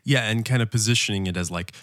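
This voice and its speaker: A man's voice: lowish voice, a bit bright, dry recording. A man co-hosting a podcast as a dietitian, joking and exasperated in casual chat. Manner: joking, exasperated, talks fast in bursts.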